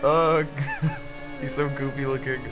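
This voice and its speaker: A young man co-hosting a let's play, relaxed and teasing, laughing often as he chats. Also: medium pitch, slow, over loud music. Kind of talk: casual gaming commentary.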